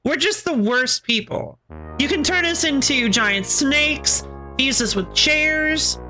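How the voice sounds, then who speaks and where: A woman's voice: high voice, slow, bright, forceful tone, soft background music, pitched above the performer's own voice, heavily acted. A woman voicing an obnoxious, pushy roommate who rambles casually. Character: obnoxious fused roommate pair, pushy and careless.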